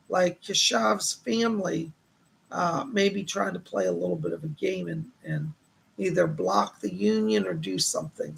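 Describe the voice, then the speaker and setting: Gravelly, husky man giving psychic readings. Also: sits high, a bit bright. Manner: reassuring, relays spirit messages, reads viewer questions aloud. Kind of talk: live-stream psychic reading.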